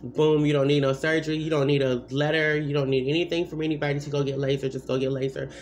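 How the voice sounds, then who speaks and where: A woman's voice: low-pitched, fairly even intonation, fast talker, darkish tone. A woman giving blunt, rambling advice in a casual vlog, full of asides and repeated points. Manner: repeats points with many fillers.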